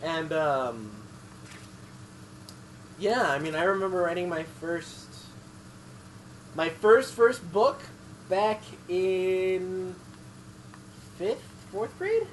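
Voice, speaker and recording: Give me a relaxed man commenting on a video game with friends, his thoughts wandering and restarting. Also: sits high, extremely slow, pauses often, a little hiss or hum, poor audio. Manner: rambling, full of "like" and restarts. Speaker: let's play commentator. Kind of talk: casual chat over gameplay.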